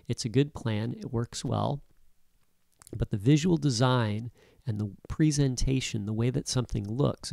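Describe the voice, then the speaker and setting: Male tutor, gravelly mid-pitched voice, relaxed explainer, dry close-mic sound. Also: no echo. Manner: casual, keeps checking in with "right?" and "okay?". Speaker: instructor. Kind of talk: screen-recorded coding tutorial.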